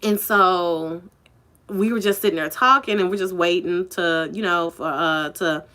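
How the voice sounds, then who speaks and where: A woman's voice: on the low side, measured pace, bright, forceful tone. A woman telling a personal story in a casual vlog, chatty and candid, full of "like" and "you know".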